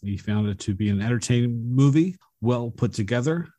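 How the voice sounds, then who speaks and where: A man co-hosting a movie podcast, reading out production facts and box office numbers at an even pace. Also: medium pitch, dry recording. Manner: measured, fact-reciting delivery. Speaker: podcast co-host. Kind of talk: reading film trivia in casual chat.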